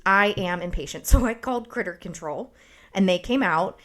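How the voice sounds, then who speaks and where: Animated, foul-mouthed woman telling a story. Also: fairly low pitch, moderate pace. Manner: animated, profane, sarcastic storytelling. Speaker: podcast host. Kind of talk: casual storytelling chat.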